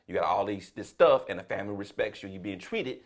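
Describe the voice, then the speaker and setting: Animated man telling a story with laughs. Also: fairly low pitch, fast talker. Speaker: comedian guest. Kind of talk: storytelling chat.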